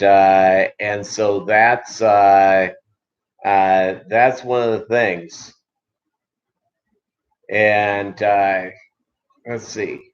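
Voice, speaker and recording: A man's voice: medium pitch, dull audio. A man from Minnesota hosting a casual livestream chat, rambling with many filler ums and uhs. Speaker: livestream host.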